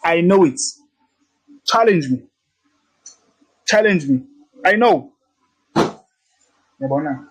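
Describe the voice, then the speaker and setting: Brief: cocky male trading coach, high voice, talks casually. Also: expressive, slow pace, pauses often, breathy edge, low-quality recording. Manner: brash, teasing, repetitive, swears freely. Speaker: trading instructor. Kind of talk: casual screen-share tutorial.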